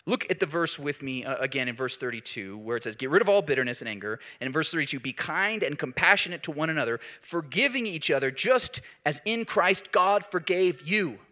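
Animated male preacher in his thirties, bright and slightly high voice, building to emphatic peaks. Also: a little fast, hardly any pauses. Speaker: pastor. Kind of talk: sermon.

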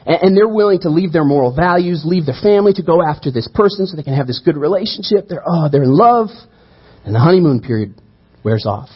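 A man preaching a sermon, telling the story with animated energy and acting out the quoted voices. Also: fairly high pitch, fast talker, breathy edge, dull audio. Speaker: pastor.

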